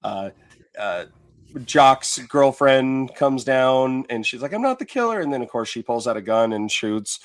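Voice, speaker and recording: A man's voice: medium pitch, a little slow. A man co-hosting a podcast, recapping movie scenes in a rambling way with lots of fillers and restarts. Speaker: podcast co-host. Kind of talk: casual movie recap chat.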